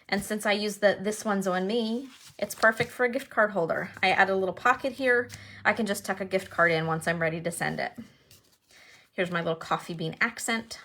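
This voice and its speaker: A woman talks through her handmade cards in a relaxed show-and-tell. She is chatty and enthusiastic and thinks aloud as she goes. Her voice sits at an ordinary middle pitch. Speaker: card-making demonstrator. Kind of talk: casual show-and-tell crafting video.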